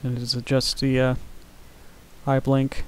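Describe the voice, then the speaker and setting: Male animator on a live stream, monotone, middle pitch, soft and mumbly with lots of "uh"s. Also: a little slow, clear, resonant tone, poor audio. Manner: soft-spoken, mumbling, many fillers. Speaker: animator streaming his work. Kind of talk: casual live-stream chat.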